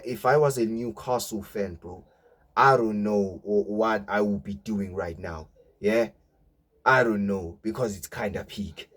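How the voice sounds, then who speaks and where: A man's voice: medium pitch, slightly rough. A young man, a football fan vlogger giving a mocking, swearing rant and tagging his lines with "yeah?". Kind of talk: ranting fan reaction.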